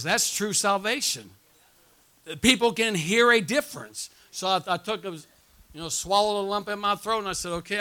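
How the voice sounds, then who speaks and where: A man preaching a revival sermon, punctuating his points with amens and calls for response, and dropping to a hushed tone when he tells his own story. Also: high-pitched, clear, resonant tone. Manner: drops quiet and hushed when telling his testimony. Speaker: pastor.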